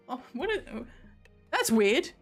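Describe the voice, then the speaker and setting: Brief: young UK woman streamer, bouncy lively pitch, rambling and giggly, soft music underneath. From United Kingdom. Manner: rambling, giggly, trailing off into mumbles. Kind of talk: casual stream chat. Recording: faint background music.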